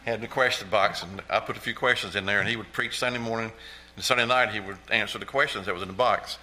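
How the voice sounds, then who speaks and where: Man, middle-aged, church testimony, earnest, repetitive, low-pitched, sharp tone. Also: steady tone, fast, rough recording. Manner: earnest, repetitive, exclaims praise. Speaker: church member giving testimony. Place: church sanctuary.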